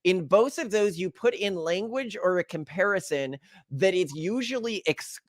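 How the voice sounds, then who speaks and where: A man's voice: high-pitched, animated, normal speed, no echo. Dry-sounding analytical male podcast host. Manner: analytical, breaks down points for listeners. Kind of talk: conversational interview.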